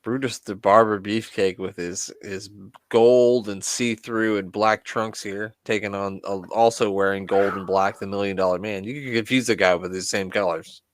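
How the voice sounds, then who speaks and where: Joking Midwestern man, low voice. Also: steady tone, moderate pace, dry recording. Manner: joking, profane, laughs often. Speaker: podcast co-host. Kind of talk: casual wrestling chat.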